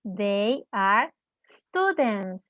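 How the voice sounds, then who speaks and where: A woman teaching English, who explains in Spanish, models sentences slowly and clearly, asks the class questions and praises their answers. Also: medium pitch, sing-song, dry recording, lo-fi sound. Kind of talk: slow, deliberate classroom explanation.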